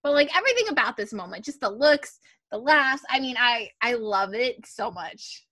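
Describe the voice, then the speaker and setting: A woman's voice: a little high, expressive, moderate pace, pushed and bright, no echo, clean studio sound. A woman co-hosting a podcast, chatting casually and animatedly as she recaps a TV episode, with plenty of filler words. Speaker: podcast co-host.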